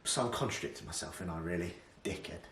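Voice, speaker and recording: A man's voice: sits low, fast, noisy background. A British man chatting casually as he cooks for a fitness vlog, brash, swearing and boastful, recorded on a camera microphone. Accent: British English. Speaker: fitness vlogger. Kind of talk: casual cooking vlog chat. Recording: roomy room echo.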